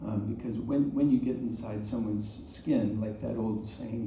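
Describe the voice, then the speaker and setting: A man's voice: fairly low pitch, fairly even intonation, dark tone, a little hiss or hum. Reflective man in an echoey theater. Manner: reflective, halting, anecdotal. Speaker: actor at a post-screening talkback. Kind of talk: live stage interview. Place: theater auditorium. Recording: echoey, dull, distant theater audio.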